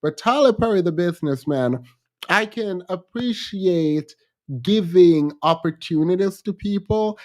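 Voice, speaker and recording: A man's voice: sits high, measured pace. A man from Jamaica with a Jamaican accent, chatting casually on a livestream and reading out comments, playful and repetitive, often laughing. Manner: animated, playful, repeats himself, laughs often. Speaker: livestream host.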